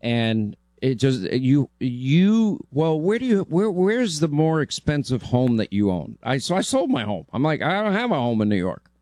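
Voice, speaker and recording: A man's voice: mid-range voice, darkish tone, dry recording. A man hosting a talk radio show, talking bluntly and joking around with a guest.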